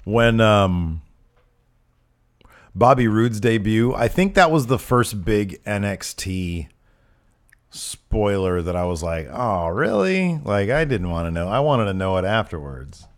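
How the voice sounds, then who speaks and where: Animated man chatting casually. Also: on the low side, unhurried. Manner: animated, jokey, reads fan letters. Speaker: wrestling podcast co-host. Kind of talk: casual chat. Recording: live-streamed show set.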